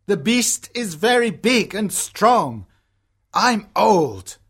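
A woman's voice: mid-range voice, big pitch swings, takes it slowly, breathy edge, full character voice. A woman voicing a sorrowful old father in a storybook reading, sad, pleading and tender. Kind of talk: storybook character voice.

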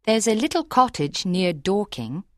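A man voicing a sly, calm female companion who speaks quietly and deliberately, in a storybook reading. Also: very high-pitched, dry recording, studio quality, pitched above the performer's own voice, full character voice. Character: sly, calm woman companion blackmailing her employer.

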